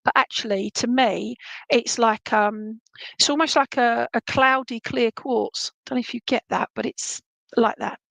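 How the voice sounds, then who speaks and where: A fairly high-voiced woman talks straight to one viewer in a live reading. She rambles on, calls them "my lovely" and keeps checking whether it makes sense. The sound is dry and close to the mic. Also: unhurried, gravelly, no echo, rough recording. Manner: warm endearments, rambling, frequent "would that make sense?" check-ins. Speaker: psychic medium giving a live reading.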